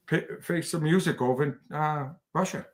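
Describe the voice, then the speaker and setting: A man's voice: on the high side, normal speed. A man, a podcast guest telling stories in casual chat, rambling with many restarts. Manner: rambling, restarts often, bursts into laughter.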